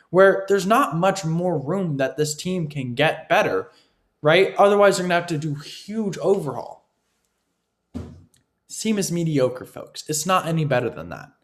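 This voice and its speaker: Emphatic man giving a lively sports rant. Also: high-pitched. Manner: emphatic, repetitive, addresses listeners as folks, frequent "right?". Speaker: sports commentator. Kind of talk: opinionated football analysis monologue.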